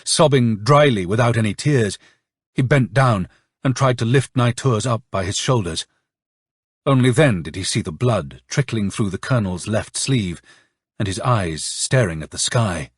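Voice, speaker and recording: A man narrating a novel as an audiobook, reading in an expressive, dramatic way. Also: fairly low pitch, normal speed, slightly rough, no echo, clean studio sound. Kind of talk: scripted narration.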